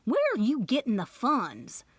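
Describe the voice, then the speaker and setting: A woman's voice: fairly high pitch, very animated, unhurried, husky, dry recording, heavily acted. A woman doing a brassy, hot-tempered older aunt. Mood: indignant.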